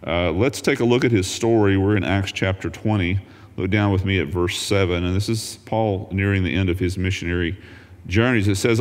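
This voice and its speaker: A man's voice: sits low, moderate pace, long reverb tail. A man teaching a Bible lesson as a pastor, folksy and humorous, reading scripture aloud.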